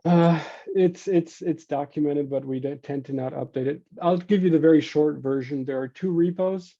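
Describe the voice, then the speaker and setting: A man explaining software architecture in a casual video call, thinking aloud and restarting phrases as he goes. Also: a little high, moderate pace, no room sound, muffled recording. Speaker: software project developer.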